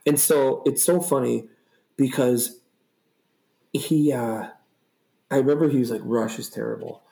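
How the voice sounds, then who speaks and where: A man's voice: mid-range voice, a little slow. A young man co-hosting a podcast, rambling and swearing as he tells stories in a casual chat. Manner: rambling, profane, animated storytelling. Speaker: podcast co-host. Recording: echoey room.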